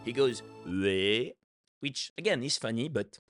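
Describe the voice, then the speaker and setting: A man's voice: fairly high pitch, animated, normal speed, fairly bright tone, soft background music. A young French man with a French accent, hosting a reaction video and playfully explaining pronunciation. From France. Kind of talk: casual commentary.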